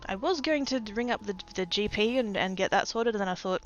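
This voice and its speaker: A woman's voice: medium pitch, fairly quick, lo-fi sound, soft background music. An Australian woman livestreaming, telling a story in rambling casual chat, swearing freely and poking fun at herself.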